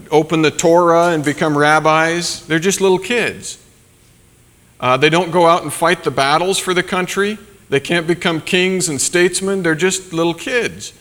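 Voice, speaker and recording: A little high and a bit bright, this man's voice delivers a sermon as a pastor. His style is conversational and loose, dotted with fillers and asides like "right?". The long reverb of a large hall surrounds it.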